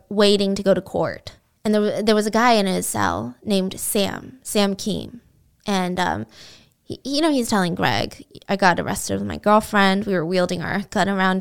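A woman hosting a podcast, telling a true-crime story in casual, animated storytelling and acting out the people in it. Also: medium pitch, smooth. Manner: animated, expressive, acts out quotes. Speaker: podcast host.

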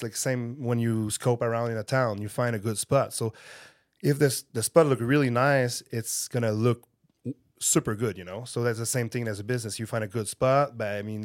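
A man's voice: mid-range voice, no room sound, studio quality. A man from Quebec with a Quebecois French accent, a guest chatting casually and stopping often to find words, French being his first language. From Quebec, Canada. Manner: halting, searching for words, many fillers. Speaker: guest, pro snowboarder. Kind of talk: casual podcast chat.

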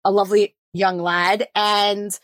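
A woman co-hosting a podcast, telling animated stories in a casual, excitable way. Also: mid-range voice, slow, no room sound. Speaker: podcast co-host. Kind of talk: casual chat.

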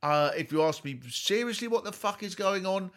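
A man hosting a comedy podcast, delivering dry mock-serious monologues and dropping his voice low for jokes. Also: moderate pace, a bit bright.

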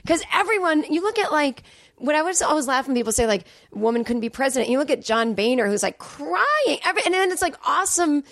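A woman's voice: sits high, sing-song, a little fast, fairly bright tone, no echo, studio quality. A woman comedian guesting on a podcast, talking casually and profanely, with many "like"s. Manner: chatty, profane, heavy on "like". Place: home podcast room.

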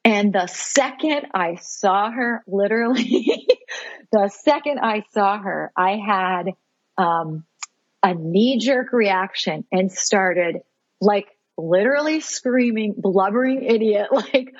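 A woman guest telling a personal story in an animated way, laughing often and saying "like" a lot, with a husky voice. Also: mid-range voice, slow, dry recording, lo-fi sound. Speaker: podcast guest.

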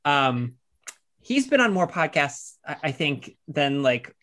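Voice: mid-range voice, big pitch swings, slow, fairly bright tone. Chatty podcast host asking rambling questions. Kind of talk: casual interview over video call.

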